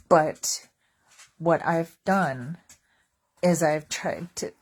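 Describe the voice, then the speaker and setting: A woman with a slightly low voice talks casually to her viewers in a vlog. She tells stories with a wry, joking tone and wanders off into asides. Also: extremely slow, breathy edge. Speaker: vlogger. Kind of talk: casual comedic storytelling.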